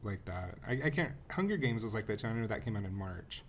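A man in his forties co-hosting a movie podcast, telling rambling and animated anecdotes. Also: fairly low pitch, fast, slight background noise. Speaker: podcast co-host. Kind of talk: casual roundtable chat.

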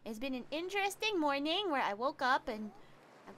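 A woman streamer with a high, sharp voice, chatting through a game. Her pitch leaps wildly as she gets excited, and she laughs and swears freely. Her throat sounds slightly scratchy. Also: normal speed. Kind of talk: casual game-stream chat.

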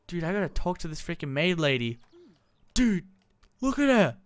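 A young adult commentating a life-simulation game in a casual, slangy, excitable way, laughing often. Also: medium pitch, normal speed. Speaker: gameplay commentator. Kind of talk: casual Let's Play commentary.

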